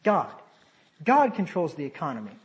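A man preaching a sermon, animated, with sarcastic asides and sudden drops to a quieter voice. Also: a little high, moderate pace, dull audio.

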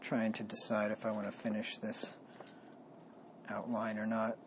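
A man preaching a sermon, reading scripture slowly with emphasis and then explaining it in a plain, conversational way. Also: on the low side, monotone, noisy background. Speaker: pastor.

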